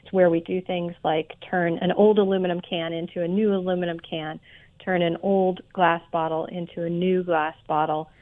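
A woman being interviewed as a radio guest over a phone line, explaining things in a measured way with frequent ums. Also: fairly low pitch, level tone. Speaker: guest, president of a recycling institute.

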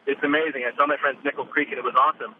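A man hosting a radio quiz show, chatting casually and animatedly about a trip. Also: rapid-fire. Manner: lively and animated, jumping up in pitch. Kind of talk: casual radio interview chat. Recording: tinny phone line with faint noise.

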